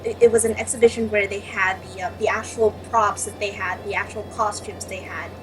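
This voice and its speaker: A young woman guest in a casual chat, talking excitedly with many restarts and frequent swearing. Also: medium pitch, music in the background, poor audio. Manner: halting, excitable, swears often. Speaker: panel guest.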